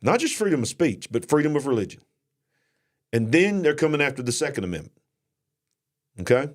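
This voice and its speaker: A man's voice: medium pitch, very animated, fairly quick. A man with a Southern US accent co-hosting a live-stream show, talking in a folksy, emphatic way and repeating himself for stress.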